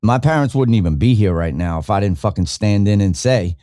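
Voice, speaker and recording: A podcast host with a lowish, dark-toned voice rants fast, angry and blunt during a livestream, swearing heavily while greeting chat viewers by name. The studio recording is clean, with no room sound.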